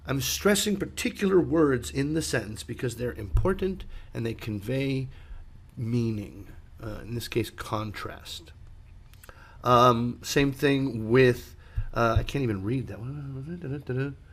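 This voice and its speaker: A male English teacher talks a student through speaking test feedback in a loose, conversational way. He fills his pauses with ums and uhs, then leans hard on key words to demonstrate stress. His voice sits in an average male range. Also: medium pitch, animated, breathy edge. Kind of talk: online speaking feedback lesson.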